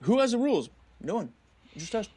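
A man's voice: high-pitched, brisk, a little hiss or hum. A young man co-hosting a casual chat podcast, telling stories with lots of swearing and acted-out quotes. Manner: animated storytelling, heavy swearing, acts out quotes. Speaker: podcast co-host.

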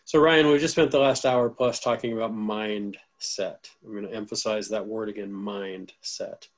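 Male podcast host, low voice, sincere, heartfelt wrap-up delivery. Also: steady tone, moderate pace, low-quality recording. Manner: warm, earnest, gets emotional. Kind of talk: casual interview chat.

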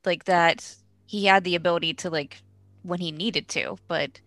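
A woman's voice: fairly low pitch, steady tone, moderate pace, fairly bright tone, no room sound. Woman asking questions at a game table. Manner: questioning, searching for words. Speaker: player.

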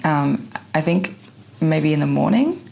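Low gravelly-voiced woman podcaster. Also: sing-song, unhurried, mellow. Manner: chatty, says "like" a lot, laughs often, swears casually. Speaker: podcast host. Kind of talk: casual solo podcast monologue.

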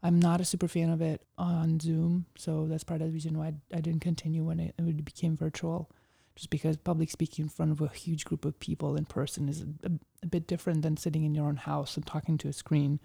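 Woman guest, dark and mellow tone, casual storyteller, filler-heavy. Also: deep voice, little pitch movement, quick pace, gravelly, few pauses, breathy edge. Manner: chatty storyteller, heavy use of "like". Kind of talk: casual interview conversation.

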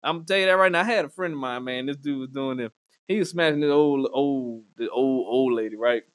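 A man hosting a podcast, telling crude comic stories in an animated way, swearing freely and laughing often. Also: mid-range voice, a little fast. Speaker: podcast host. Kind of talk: crude comedic storytelling. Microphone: studio podcast mic.

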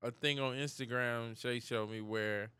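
A man's voice: medium pitch, steady tone, unhurried, bright, forceful tone, clean tone, no room sound. A man co-hosting a podcast, chatting casually in loose, profane banter and laughing often. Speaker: podcast co-host. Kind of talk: casual chat.

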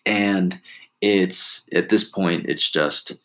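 Man, low voice, casual rambling storyteller who acts out the people he quotes. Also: fairly even intonation, very slow, a bit bright, rough recording. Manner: rambling, restarts, laughs at himself, acts out quotes.

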